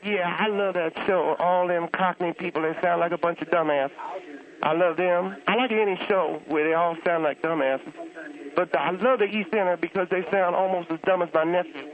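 A crude, cranky old churchgoing aunt, put on by a man, griping in a high, pinched voice. She is blunt and insulting, and the sound comes through a thin, tinny phone line. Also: steady tone, normal speed, natural voice. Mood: boastful, scornful. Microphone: telephone.

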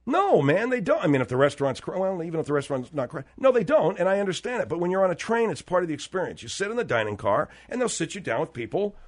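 A man's voice: high voice, big pitch swings, fast, few pauses. A man hosting a comedy radio talk show, telling a rambling story and getting exasperated with his sidekicks. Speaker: radio host.

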